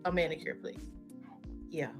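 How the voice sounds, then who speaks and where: A woman's voice: deep voice, fairly even intonation, moderate pace, faint music behind. A woman telling a second-person storytime, profane and slangy, acting out the voices as she goes.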